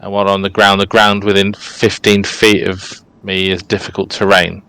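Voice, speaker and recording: A man's voice: sits low, completely flat delivery, moderate pace, pushed and bright, smooth, no echo, low-quality recording. A man playing a tabletop role-playing game, methodically counting out his moves and reading his abilities aloud. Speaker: player. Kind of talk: casual tabletop game play.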